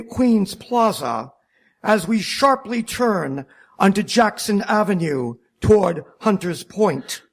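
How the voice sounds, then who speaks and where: A man narrating a wry first-person story about driving a taxi, deliberate and self-mocking. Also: high voice, creaky.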